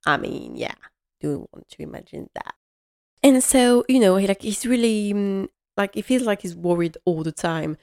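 A woman's voice: mid-range voice, lively intonation, moderate pace, vocal fry, a little mellow. A woman host chatting casually and enthusiastically through a TV episode recap, rambling with many fillers. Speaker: podcast host.

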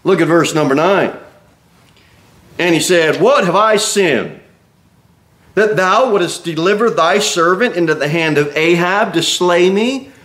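A man's voice: high-pitched, unhurried, a bit bright. A man preaching an expository sermon as a pastor, reading scripture aloud and acting out the Bible figures' words with emphatic exclamations.

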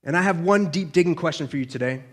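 A man's voice: on the high side, fast talker. Earnest man preaching a sermon. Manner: earnest, asks the listener direct questions, drops to quiet asides.

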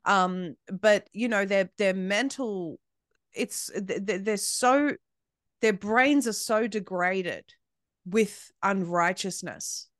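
Heard here is a woman from Australia, a media founder guesting on a podcast, whose speech is emphatic and scornful with many restarted sentences. Her mid-range voice moves slowly and is slightly bright, recorded at studio quality without echo.

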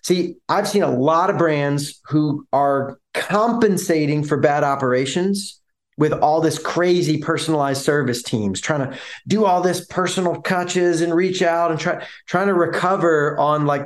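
A man co-hosting a business podcast, explaining ideas energetically with vivid images and acted-out quotes. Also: on the high side. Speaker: podcast co-host. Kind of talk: casual business podcast chat.

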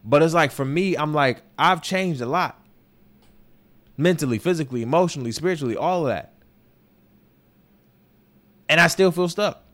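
Brief: young male podcast host, higher-pitched voice, raw and candid personal talk, heavy swearing, repeats himself and restarts. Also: normal speed, long pauses, a bit bright. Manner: candid and emotional, swears often, circles back with restarts. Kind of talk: personal opinion monologue. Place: New York.

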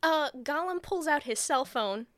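A woman's voice: sits high, lively intonation, unhurried, a bit bright, no echo. A woman co-hosting a casual podcast, retelling a film in a rambling, sweary way and laughing often. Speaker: podcast co-host.

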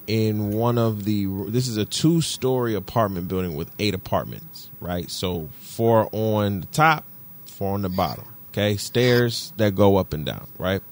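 Animated, profane man telling a story. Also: lowish voice, unhurried. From Detroit. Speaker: podcast co-host. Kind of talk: casual chat.

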